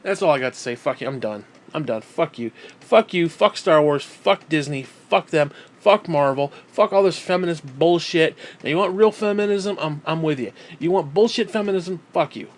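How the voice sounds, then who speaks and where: Profane ranting man, higher voice. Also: moderate pace, few pauses. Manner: profane, heated, repetitive; mocking put-on quotes. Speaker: gaming channel host. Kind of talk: angry rant.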